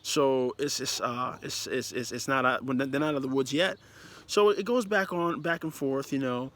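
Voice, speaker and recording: A football commentator with a mid-range voice, speaking at normal speed, gives a casual review of a match from the viewpoint of a player and manager. He is animated and emphatic, rambling and restarting as he goes.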